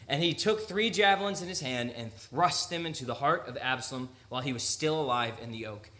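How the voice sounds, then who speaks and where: A man's voice: medium pitch, lively intonation, brisk, sharp tone. A young man preaching a sermon in church, reading scripture and breaking into casual, joking asides and acted-out quotes. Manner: conversational, joking asides, acts out quotes in voices. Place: church sanctuary.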